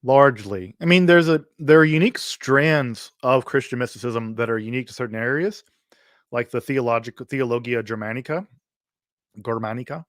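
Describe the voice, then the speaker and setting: A man's voice: medium pitch, moderate pace, no echo, clean studio sound. A man from Mississippi hosts a livestream Q&A, speaking thoughtfully with many fillers and restarts. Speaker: host answering viewer questions.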